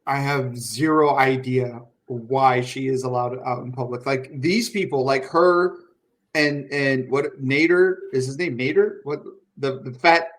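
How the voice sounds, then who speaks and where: A man co-hosting a podcast, talking in a mocking, animated way, swearing often and laughing between lines. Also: mid-range voice, measured pace. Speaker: podcast co-host. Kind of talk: casual profane political chat.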